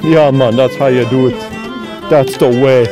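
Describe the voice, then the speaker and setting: A man's voice: mid-range voice, steady tone, measured pace. Goofy young man vlogging on a hike. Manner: goofy, joking, narrating to camera. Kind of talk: casual hiking vlog. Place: outdoors on a mountain trail. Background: music.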